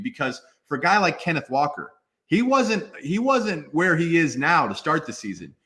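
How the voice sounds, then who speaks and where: A man's voice: a little high, very animated, moderate pace, a bit bright. A man in his twenties, a former football player, talking emphatically as a guest in a casual interview.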